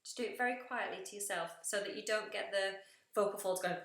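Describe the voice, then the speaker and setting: A woman's voice: mid-range voice, fast, a bit bright. A woman coaching singing during a live feedback session, explaining technique and sometimes breaking into sung demonstrations. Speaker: vocal coach. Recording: roomy echo.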